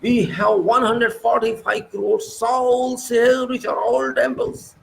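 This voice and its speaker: Scolding man with a high, gravelly voice. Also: steady tone, slow pace, slight background noise, poor audio. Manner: preachy, scolding, repetitive rhetorical questions. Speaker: political commentator. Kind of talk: impassioned monologue.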